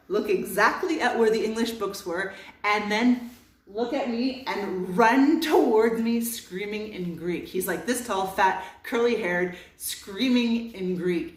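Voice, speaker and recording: A woman in her thirties from Canada telling a comic personal story, animated and self-mocking, with dramatic pauses. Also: medium pitch. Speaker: vlogger. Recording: roomy sound from a distance.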